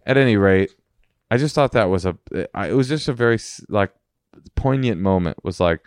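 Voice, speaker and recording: A man's voice: on the low side, lively intonation, normal speed, a little mellow, clean tone, no echo. A man co-hosting a podcast as a comedian, rambling through stories with jokey, ironic asides on a close mic. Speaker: podcast co-host, stand-up comedian. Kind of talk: casual comedic chat.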